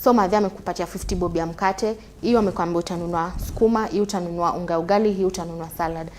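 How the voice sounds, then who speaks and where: A Kenyan woman hosting a talk show, chatting casually and switching between Swahili and English, often checking in with a quick question. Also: lowish voice, steady tone, a little mellow, slight background noise. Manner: fast, tags sentences with "unaona?".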